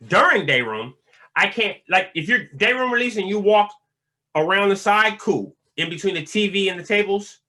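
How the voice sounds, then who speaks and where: A man's voice: a little high, bright, forceful tone. A man telling prison stories in a laid-back, slangy way with lots of fillers. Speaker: vlogger talking about prison life. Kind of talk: casual storytelling monologue.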